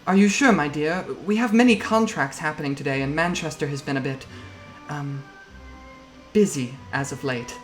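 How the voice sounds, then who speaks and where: A man voicing a polite, scheming female AI matriarch who speaks in a genteel, measured way. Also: a little high, soft background music, natural voice. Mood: courteous.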